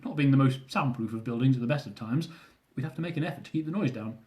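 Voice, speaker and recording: A man's voice: medium pitch, fast talker, dark tone. A young man reading aloud from his own travel memoir, with dry, self-mocking humour.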